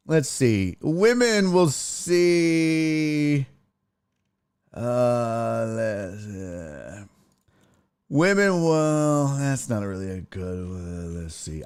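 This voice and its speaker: Lively, unhurried man riffing with chat. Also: a little high. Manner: loose, profane, riffing banter. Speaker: sports talk show host. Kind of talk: casual livestream chat reading viewer comments.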